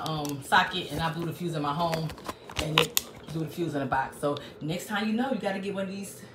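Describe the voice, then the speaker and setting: Woman, crafting livestream host: casual and chatty with her viewers, recorded in a roomy space from a distant mic. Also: on the low side. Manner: chatty, talks straight to viewers, reads out comments. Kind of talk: casual live-stream chat with viewers. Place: small home craft room. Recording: roomy, distant mic with faint background noise.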